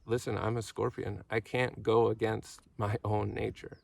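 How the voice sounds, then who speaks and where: A man voicing a smooth-talking scorpion that pleads and insists, heard from a distant microphone. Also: on the low side, little pitch movement, moderate pace, a little mellow, dry recording. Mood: matter-of-fact. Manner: coaxing, insistent.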